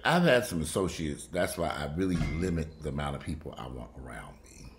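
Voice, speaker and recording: Brief: deep-voiced man, animated blunt home vlogger, faint hiss behind. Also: fairly quick. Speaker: vlogger commenting on a news story. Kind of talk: casual commentary.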